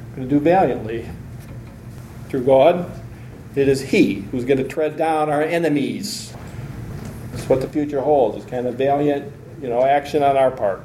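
A man's voice: medium pitch, normal speed, pauses often, mellow, slight background noise. A man teaching a Bible lesson in an earnest, step-by-step lecture manner, reading scripture aloud and explaining it. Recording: echoey room recording.

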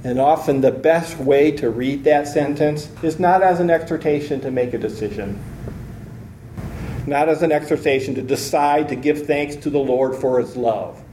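A man's voice: mid-range voice, normal speed, dark tone, slight background noise. A man teaching a Bible lesson in an earnest, step-by-step lecture manner, reading scripture aloud and explaining it. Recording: echoey room recording.

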